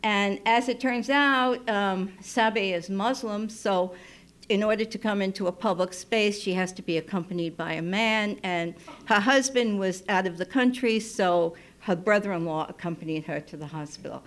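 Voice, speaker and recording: A woman who works as a midwife, telling a personal story live in an unhurried, intimate way and dropping to a soft hush when she quotes herself. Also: mid-range voice. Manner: unhurried, intimate, drops to soft near-whispers when quoting. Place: radio station studio. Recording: live radio broadcast, faint noise.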